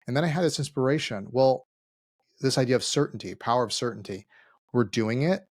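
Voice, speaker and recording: A man co-hosting a casual business podcast, telling stories and acting out quoted dialogue with lively energy. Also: medium pitch, a little fast, dry recording, studio quality. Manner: animated storyteller, acts out quoted dialogue. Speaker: podcast co-host, CEO.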